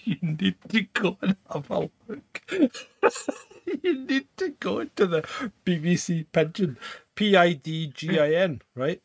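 A man's voice: high voice, unhurried, vocal fry, breathy edge, no room sound. A man co-hosting a casual podcast chat, laughing often and swearing freely. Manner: laughs a lot, swears, lively. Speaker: podcast co-host.

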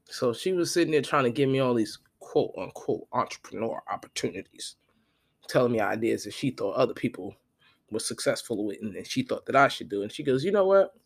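A podcast host telling a profane, animated story in a casual monologue, quoting the people in it. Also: male voice, mid-range voice, brisk, creaky, slightly rough. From Florida.

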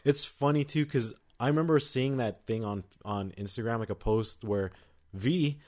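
A man co-hosting a podcast in casual chat, rambling excitedly and laughing often. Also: mid-range voice, normal speed. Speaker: podcast co-host.

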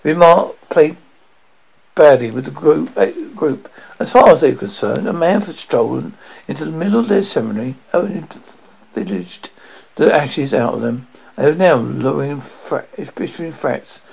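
A man's voice: a little high, expressive, normal speed, gravelly, slightly rough. A man reading a story aloud, stumbling and restarting now and then. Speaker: audiobook reader. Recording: dull lo-fi audio.

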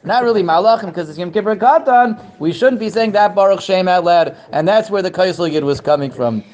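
A man with a high-pitched, slightly mellow voice teaches an informal Torah class. He speaks haltingly, repeats words, and pushes his voice upward to stress a point.

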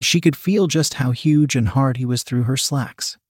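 A man narrating an erotic audiobook in a steady, even storytelling read. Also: medium pitch, moderate pace, slightly rough, no room sound, studio quality.

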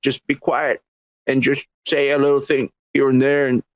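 A man's voice: medium pitch, flat delivery, moderate pace, no room sound. A man co-hosting a podcast, talking in a profane, mocking way about movies he dislikes. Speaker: podcast co-host. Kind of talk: crude casual podcast chat.

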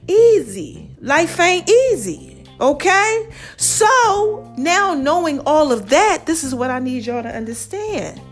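Casting: high-pitched woman, podcast host, lively motivational preacher, soft music under her. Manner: lively, preachy, calls listeners baby and y'all. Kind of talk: casual motivational talk.

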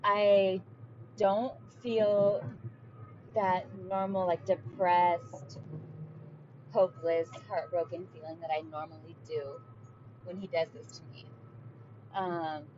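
A woman's voice: on the low side, level tone, slow pace, long pauses, darkish tone, muffled recording, a little hiss or hum. A woman speaking casually to camera in a confessional vlog, full of fillers and "like". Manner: chatty, many fillers and "like". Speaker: vlogger.

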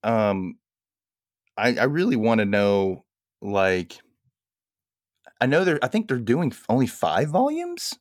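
A man co-hosting a casual podcast chat, animated and laughing often as he acts out quotes. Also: mid-range voice, slow, long pauses, dry recording, studio quality. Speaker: podcast co-host.

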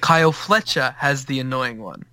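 An Australian man co-hosts a casual podcast with a dry, wry delivery. His voice is bright and sharp, recorded close and dry with no room sound. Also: mid-range voice, expressive, normal speed, dry recording. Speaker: podcast co-host. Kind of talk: casual chat.

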